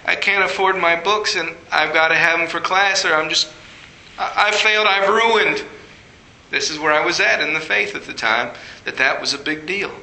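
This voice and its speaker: Bright-voiced man preaching in an echoey room. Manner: storytelling, rising high when acting out his past self. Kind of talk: sermon.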